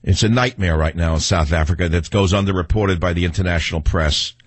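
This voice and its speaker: Husky, ranting male talk radio host. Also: low voice, quick pace, no echo. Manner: combative, ranting, insulting. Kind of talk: talk radio monologue and call-in.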